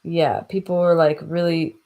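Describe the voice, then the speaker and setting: A woman reads an old novel aloud in a relaxed, informal way. Her voice sits slightly low, and she keeps stopping to puzzle over old words and make wry asides. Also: normal speed. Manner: chatty, stumbles over old words, laughs at herself. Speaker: audiobook reader. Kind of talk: casual read-aloud with asides.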